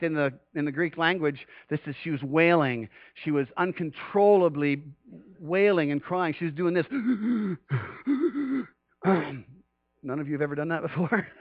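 A male pastor preaches with animated swells, his voice pushing higher and louder to stress a point. His voice sits a little high for a man. The recording is dry and a bit dull, with no room echo. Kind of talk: sermon.

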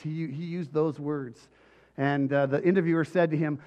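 A man preaching a sermon with emphatic delivery and frequent restarts, his voice slightly hoarse. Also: fairly high pitch, steady tone, moderate pace, darkish tone, dull audio. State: voice going hoarse. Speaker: pastor.

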